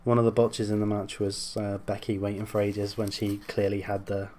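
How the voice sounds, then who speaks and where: A man's voice: on the low side, monotone, moderate pace, crowd noise. A man co-hosting a wrestling review podcast, laid-back and dry, mostly giving short agreeing replies. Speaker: podcast co-host. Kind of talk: casual wrestling review chat.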